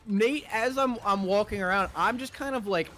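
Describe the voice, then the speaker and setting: A streamer with a high voice tells a story to friends in casual chat at a moderate pace. He's animated, swears a lot, and acts out what other people said.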